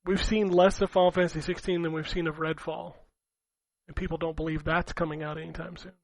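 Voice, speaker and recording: A man's voice: fairly high pitch, flat delivery, a little fast, dry recording, low-quality recording. A man co-hosting a gaming podcast, rambling and laughing as he swears his way through casual chat. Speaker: podcast co-host.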